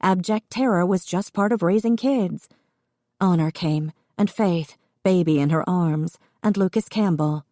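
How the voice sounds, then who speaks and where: A woman reading an audiobook in steady, expressive narration. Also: fairly low pitch, no room sound, clean studio sound.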